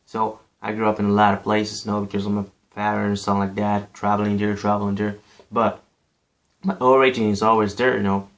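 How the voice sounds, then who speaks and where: A man's voice: lowish voice, little pitch movement, brisk, a bit bright. A man from Africa giving a casual, emphatic opinion monologue, repeating himself and saying "you know" often. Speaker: vlogger.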